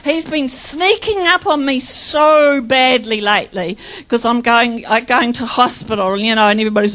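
A woman's voice: high-pitched, animated, normal speed, a bit bright, poor audio. An older woman sharing her personal faith testimony in a fervent, chatty way, laughing often and acting out quotes as she tells her story. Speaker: church member sharing testimony.

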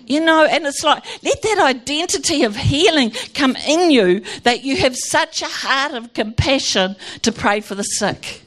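A woman's voice: sits high, a little slow, few pauses. A woman sharing a fervent Christian testimony, telling stories and acting out what people said. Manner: fervent, animated storytelling with acted-out quotes. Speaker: Christian speaker.

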